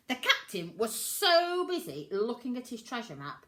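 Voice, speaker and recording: An older woman with a grandmother's manner, animated and expressive, reading a picture book aloud to children. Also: fairly high pitch, measured pace, hardly any pauses. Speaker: storyteller.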